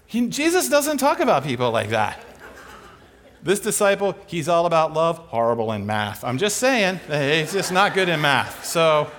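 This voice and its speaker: A man delivering a sermon, his voice a touch higher than most men's and swinging widely in pitch. He talks conversationally and with energy, firing off rhetorical questions and answering them himself. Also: big pitch swings, moderate pace, fairly bright tone. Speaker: preacher.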